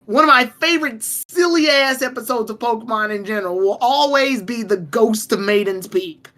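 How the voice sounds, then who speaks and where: A woman co-hosting a casual podcast, telling stories in an animated, profane way. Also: on the high side, moderate pace. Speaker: podcast co-host.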